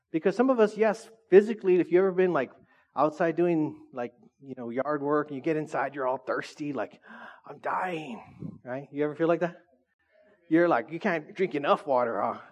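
A man's voice: fairly high pitch, highs cut off. A man preaching a casual, joking sermon, teasing his audience and asking them questions.

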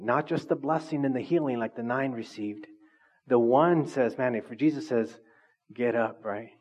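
A male pastor preaching a conversational sermon, animated and full of asides to the congregation. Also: medium pitch, dull audio.

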